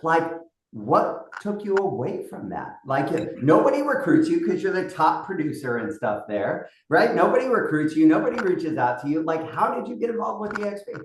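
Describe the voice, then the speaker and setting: Chatty male interview host, lively pitch, higher voice, echoey room, sits off-mic. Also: moderate pace, distant mic, a little hiss or hum. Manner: chatty, lots of "like" and "right". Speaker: podcast host. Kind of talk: casual interview. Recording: roomy sound from off-mic.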